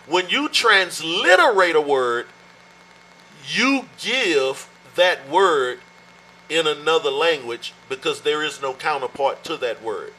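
Animated preacher man, bright voice. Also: fairly high pitch, slight background noise, low-quality recording. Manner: teaching, animated with sudden slow emphatic stretches. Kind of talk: sermon.

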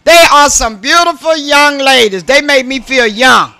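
A woman's voice: high voice, measured pace, sharp tone, no room sound. An older woman co-hosting a radio show, sassy and playful, with preachy asides in casual banter. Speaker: radio co-host. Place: radio studio.

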